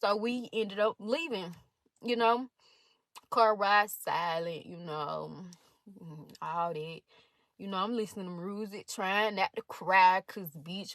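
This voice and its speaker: A woman's voice: mid-range voice, unhurried, no room sound. A young woman in college telling a blunt, profane storytime, reading out text messages between others. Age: young adult. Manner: blunt, profane, animated retelling. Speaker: storytime vlogger.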